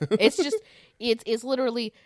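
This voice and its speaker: A woman's voice: a little high, lively intonation, moderate pace, no echo. A woman co-hosting a casual podcast, blunt and profane with a dry humor. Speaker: podcast co-host.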